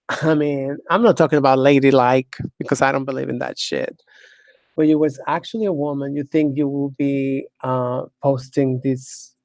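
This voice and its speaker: A woman's voice: very deep voice, a little mellow, no echo. A woman hosting her own talk show, delivering a blunt, sardonic monologue, cursing freely and laughing often. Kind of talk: casual monologue.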